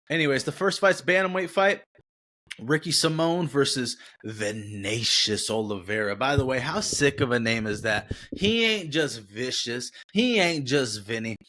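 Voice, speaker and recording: A man's voice: medium pitch, fairly bright tone. A young man hosting a sports podcast, talking in a casual, rambling, slangy way and correcting himself as he goes. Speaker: podcast host.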